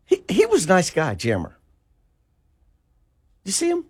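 A man's voice: unhurried, slightly rough, dry recording, studio quality. A middle-aged man co-hosting morning talk radio, chatty and reminiscing. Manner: chatty, reminiscing, animated pitch swings. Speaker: radio show co-host. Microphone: studio mic.

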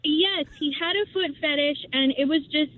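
Very high female caller, sing-song; tinny phone audio. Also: moderate pace. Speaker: radio caller. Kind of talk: casual chat.

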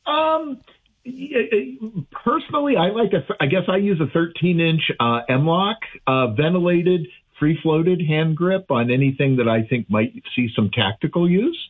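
Husky man on a tinny phone line. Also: on the high side, lively intonation, moderate pace. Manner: friendly, rambling, many fillers and restarts. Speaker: audiologist guest on call-in. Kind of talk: casual radio chat. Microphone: remote call.

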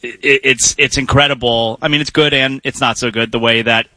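A man hosts sports radio with a bright, forceful voice. He talks casually and wanders into quick asides. The sound is close and dry, with no room around it. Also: mid-range voice, fairly even intonation, no echo. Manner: conversational, trails into quick asides. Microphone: studio microphone.

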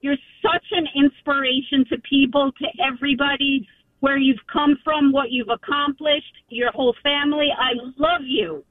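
A woman's voice: high voice, fairly even intonation, normal speed, no room sound. Gushing female caller on a tinny phone line. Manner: gushing and effusive. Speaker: radio caller.

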